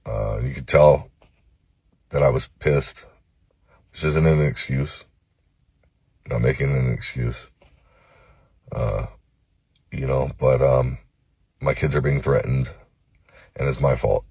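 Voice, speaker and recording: A man from Los Angeles recording a phone-camera apology video, halting and cursing, with many pauses and fillers. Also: very deep voice, steady tone, gravelly, a little mellow, husky, no room sound. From Los Angeles, United States. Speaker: vlogger.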